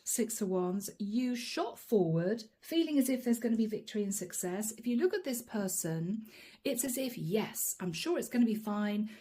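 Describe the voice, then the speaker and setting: A woman's voice: a little high, mellow, slightly rough. A woman giving a channeled tarot reading, chatting straight to her viewers and laughing often. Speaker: tarot reader.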